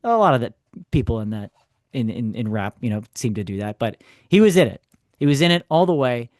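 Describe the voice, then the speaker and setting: A man, co-hosting a podcast, telling a story in a casual, animated way with sarcastic asides. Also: medium pitch, fairly quick, no room sound, clean studio sound. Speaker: podcast co-host. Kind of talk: casual chat.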